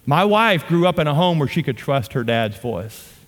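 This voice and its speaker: A man's voice: on the high side, very animated, normal speed. A middle-aged man from Louisiana, preaching a sermon as a pastor with humorous storytelling and playful asides to the audience. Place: church auditorium. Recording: long reverb of a large hall.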